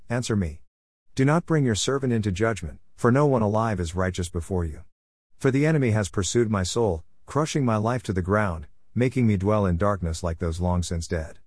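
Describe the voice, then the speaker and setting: Man, low voice, scripture reading, measured and steady, dry close sound. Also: no echo. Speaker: Bible reader.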